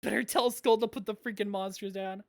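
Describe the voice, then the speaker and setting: A woman's voice: mid-range voice, fairly even intonation, a little fast, vocal fry, no echo, studio quality. Swearing, giggly woman streamer. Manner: rambling, swears casually, laughs often. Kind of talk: gameplay commentary. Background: faint lo-fi music.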